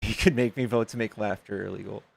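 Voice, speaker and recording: A man's voice: fairly low pitch, steady tone, fast, vocal fry, a little mellow, breathy edge. A man hosting a live stream, loose and joking, swearing casually and reading donations aloud to his chat. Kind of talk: casual livestream chat and debate.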